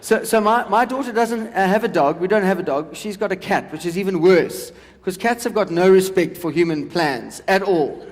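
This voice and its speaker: A man's voice: high-pitched, moderate pace, long reverb tail. A man in his forties from South Africa doing stand-up comedy, chatting with the audience about parenting and pets. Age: 40s. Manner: chatty crowd work with the audience. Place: large event hall with a live audience.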